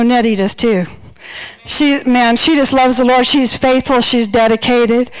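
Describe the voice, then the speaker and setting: A woman's voice: on the high side, clear, resonant tone, poor audio. A woman giving a humorous, storytelling wedding toast in a church, a little out of breath. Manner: storytelling with playful quoted voices. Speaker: wedding speaker and church singer.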